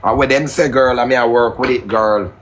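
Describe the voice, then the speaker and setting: A man hosting a casual live stream, teasing his guest in patois and shouting out viewers. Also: medium pitch, steady tone, fairly quick, slight background noise. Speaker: livestream host.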